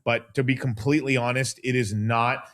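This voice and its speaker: A man's voice: mid-range voice, steady tone, moderate pace, fairly bright tone. A man hosting a casual livestream, talking in a profane, rambling way and laughing often. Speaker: host.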